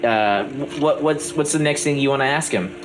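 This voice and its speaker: A man narrating as game master of a tabletop game, halting and restarting often. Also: medium pitch, music in the background.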